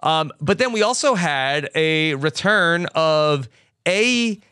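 A man's voice: fairly high pitch, expressive, slow pace, bright, forceful tone, smooth, no echo, clean studio sound. A man co-hosting a podcast in casual recap chat, curious and easygoing, asking questions. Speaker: podcast co-host.

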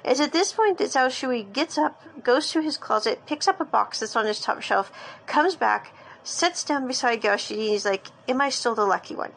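Woman, somewhat high pitch with vocal fry, chatty casual recap of a TV episode. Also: expressive, moderate pace, a bit bright, poor audio. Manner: chatty storytelling with restarts. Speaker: drama reviewer.

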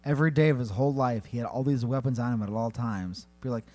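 Animated man spinning a comic story. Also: quick pace, faint music behind. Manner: animated, jumps into high silly voices for characters. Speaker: podcast co-host. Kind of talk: comedic storytelling banter.

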